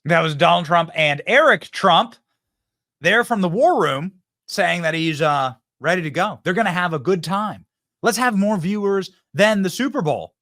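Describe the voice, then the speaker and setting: A man hosting a political commentary show, hyped and quick, often tripping over and repeating his words. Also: high voice, expressive, a bit bright, no echo, clean studio sound.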